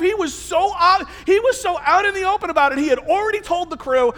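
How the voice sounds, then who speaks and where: A man preaching a sermon as a pastor, telling the story in an animated, conversational way. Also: extremely high pitch, fairly quick, few pauses, in a large hall.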